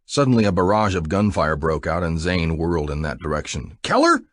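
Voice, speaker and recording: A man giving an expressive, dramatic audiobook narration. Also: low-pitched, fairly quick, no echo.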